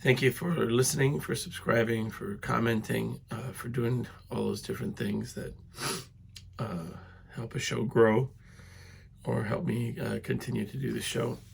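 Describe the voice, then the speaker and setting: A middle-aged man hosting a casual solo podcast while sick and congested, rambling with many fillers and clearing his throat. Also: mid-range voice, fairly even intonation, a little slow, slight background noise. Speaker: podcast host.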